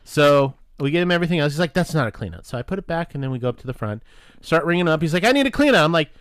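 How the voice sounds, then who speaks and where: A man's voice: fairly high pitch, rapid-fire, clean tone, dry recording, clean studio sound. A man co-hosting a podcast, telling a profane workplace story and acting out the dialogue. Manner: animated, profane, acts out dialogue. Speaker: podcast co-host. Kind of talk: casual storytelling with friends.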